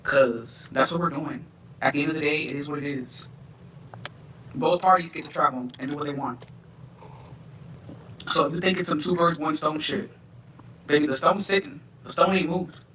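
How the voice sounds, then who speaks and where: A woman's voice: sits low, moderate pace, long pauses, fairly bright tone. A woman livestreamer talking defiantly and with profanity, heard as a replayed clip. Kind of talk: livestream talk. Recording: livestream clip played from a distance with faint noise.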